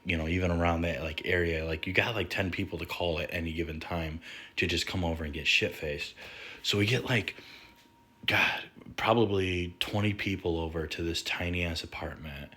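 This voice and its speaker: Deep voiced guy rambling thru a wild story, swears a lot, crisp bright tone. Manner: rambling, profane, lots of fillers. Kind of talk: casual storytelling.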